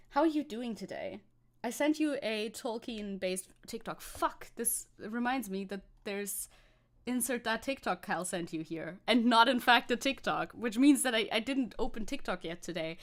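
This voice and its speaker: A woman's voice: fairly high pitch, lively intonation, normal speed, fairly bright tone. A young woman streaming as a VTuber, chatting casually, reacting to chat, swearing and laughing often.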